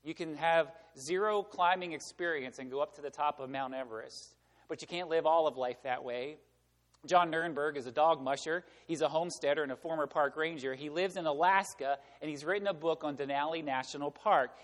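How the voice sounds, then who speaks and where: Preaching a sermon in a reverberant church sanctuary, a pastor speaks conversationally and asks rhetorical questions. His voice is a little high and his delivery brisk, with long hall reverb on the recording.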